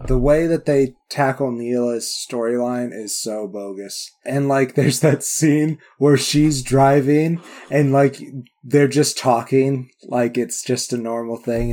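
A man co-hosting a casual film chat podcast, animated, loose and given to swearing and laughing. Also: mid-range voice. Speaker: podcast co-host.

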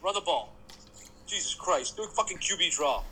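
A man in casual podcast chat, ranting excitably with constant swearing. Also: a little high, normal speed, crowd noise, rough recording. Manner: heated, profane, excitable ranting. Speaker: podcast co-host, sports fan.

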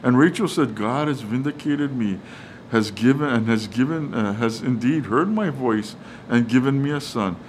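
A man's voice: medium pitch, normal speed, slight background noise, poor audio. A man preaching a sermon, reading Bible verses with many fillers and restarts. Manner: reads verses and acts out quotes casually. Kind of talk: sermon on Scripture.

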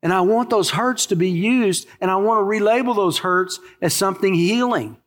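Male pastor, higher voice, emphatic sermon delivery that repeats its key lines; recorded with a long, echoing hall tail. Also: normal speed, a bit bright. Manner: earnest, emphatic preaching with repetition.

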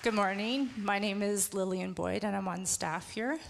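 A woman's voice: mid-range voice, moderate pace, vocal fry, slight background noise. Earnest woman giving a church update. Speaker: church staff member. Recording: echoey hall.

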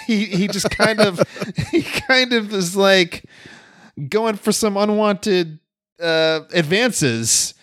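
A man's voice: fairly high pitch, fairly bright tone, no room sound, clean studio sound. A man co-hosting a casual chat, chatty and rambling with many fillers and restarts, laughing often. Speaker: podcast co-host.

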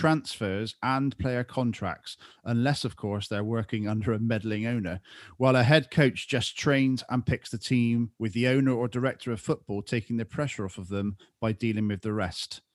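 A man hosting a football chat, reading out a definition in a measured way. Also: medium pitch, no room sound, studio quality.

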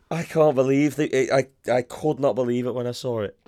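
A man's voice: mid-range voice, a little slow, darkish tone. A man, co-hosting a casual comedic film review podcast, swearing freely and acting out scenes. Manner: swears freely, acts out scenes in silly voices. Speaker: podcast co-host.

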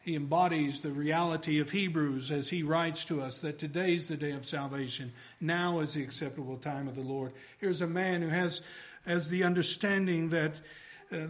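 Emphatic man preaching a sermon. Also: on the high side. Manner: emphatic, swells louder on key phrases.

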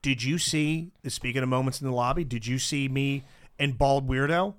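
A man on a casual podcast chat, telling stories in a blunt, crude, animated way. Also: medium pitch, moderate pace, clean tone. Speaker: comedy performer and podcast regular.

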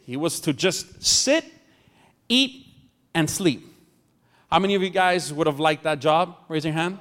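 Male pastor, sermon, joking with congregation, slightly high voice, long hall reverb. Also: lively intonation, measured pace, a bit bright. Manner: jokey, chats with the congregation. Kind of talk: sermon with storytelling. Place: church hall.

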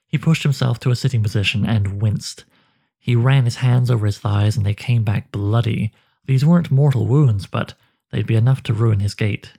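A man narrating a dark fantasy story in a slow, measured way. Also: mid-range voice, gravelly, husky.

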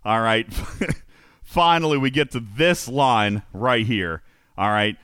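A man's voice: mid-range voice, takes it slowly, fairly bright tone, smooth, no room sound, clean studio sound. A man hosting a casual stream, telling a story with lots of laughter and animation. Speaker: host.

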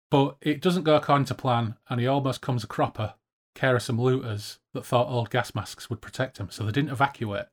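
A man casually summarising a novel's chapters for a book-club podcast, chatty with frequent restarts. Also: medium pitch.

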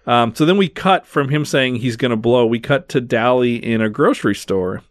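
This man hosts a podcast and recaps a film in detail, scene after scene, chatting loosely with many fillers. He has a medium pitch and a moderate pace, captured in clean studio sound without echo.

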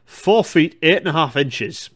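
A man's voice: a little high, animated, unhurried, a bit bright, voice pushed up. A man putting on a generic northeast English accent to voice a formal 19th-century male railway engineer. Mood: declaiming. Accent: generic northeast English, put on. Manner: formal, declaiming a quote.

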